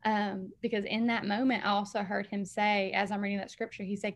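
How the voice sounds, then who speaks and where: A woman's voice: mid-range voice, little pitch movement, brisk. A woman, a guest on an interview show, telling a heartfelt faith testimony in an earnest, emotional way, full of "like" and "um". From Alabama, US. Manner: earnest, emotional storytelling with frequent "like" and "um".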